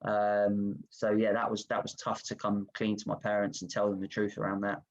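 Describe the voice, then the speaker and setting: Guy, lowish voice, frank and reflective, telling stories on a muffled zoom call. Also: moderate pace. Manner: self-reflective, frank, animated anecdotes. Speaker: guest footballer. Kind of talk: candid storytelling. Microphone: video call. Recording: lo-fi video call audio.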